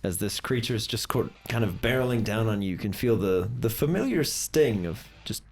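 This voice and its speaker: A young man narrating as game master, with lively, hedging descriptions full of "kind of.". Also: lowish voice, normal speed, slight background noise.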